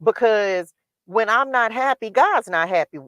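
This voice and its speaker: A woman's voice: on the high side, expressive, unhurried, fairly bright tone, dry recording. A woman hosting a livestream, giving a candid spiritual motivational talk about her own faith, told in a repetitive, testifying way. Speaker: livestream host. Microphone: livestream microphone.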